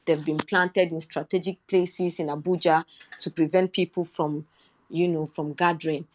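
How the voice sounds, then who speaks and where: A young woman from Nigeria, speaking with a Nigerian accent, tells her personal story earnestly in a live Twitter Space chat, with indignation building as she quotes herself. She talks at a normal speed in a low, level voice.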